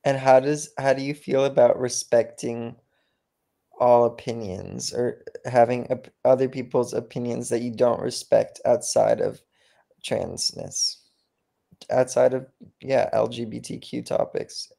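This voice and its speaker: Man with a creaky voice, asks stuff kinda hesitant, restarts a lot. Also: mid-range voice, fairly even intonation, a little slow, warm tone. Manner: hesitant, apologetic questioning. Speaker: co-host asking questions.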